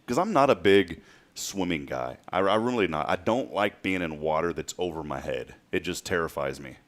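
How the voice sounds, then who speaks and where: A man's voice: low voice, expressive, normal speed. A man in his late thirties hosting a show, telling stories in a casual, chatty way and laughing often. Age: late 30s. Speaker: podcast host. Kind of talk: casual chat.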